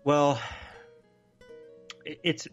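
A man co-hosting a casual comedy podcast, musing on ideas in quick bursts and laughing easily. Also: a little high, level tone, muffled recording, soft background music. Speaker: podcast co-host.

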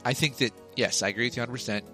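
A man's voice: mid-range voice, fairly even intonation, rapid-fire, sharp tone, soft background music. A man co-hosting a podcast, rambling and joking with swearing, telling silly made-up scenarios. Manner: rambling, profane, jokey storytelling. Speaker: podcast co-host. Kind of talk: casual chat.

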